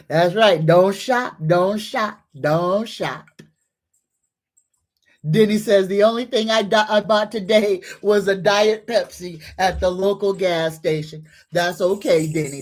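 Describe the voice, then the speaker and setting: Woman, psychic livestream host; unhurried, chatty, greets viewers, mid-pitched voice. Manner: greets viewers warmly, leads slow repeated affirmations. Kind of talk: casual livestream chat reading comments.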